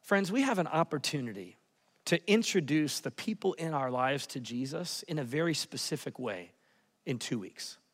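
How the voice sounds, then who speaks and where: A man in his thirties preaching a sermon as a pastor, telling a story, his voice dropping to a hush and rising to loud excitement. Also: a little high, moderate pace. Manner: storytelling, swings from soft and hushed to loud and excited. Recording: long reverb of a church hall.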